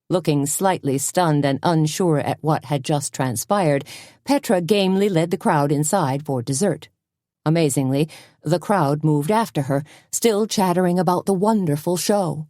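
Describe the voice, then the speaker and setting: A woman narrating a cozy mystery audiobook in an expressive storytelling manner. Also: low voice, moderate pace, dry recording, studio quality. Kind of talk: scripted narration.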